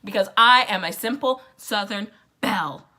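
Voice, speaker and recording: A woman's voice: medium pitch, normal speed, pushed and bright, natural voice. A woman voicing a haughty, spoiled young Southern belle who talks back dismissively. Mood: sassy. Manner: sassy, dismissive.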